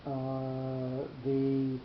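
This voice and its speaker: A man teaching a cantillation class, explaining slowly with long pauses. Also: mid-range voice, completely flat delivery, a little hiss or hum. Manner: patient, explanatory, drawn-out pauses. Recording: echoey room, muffled lo-fi sound.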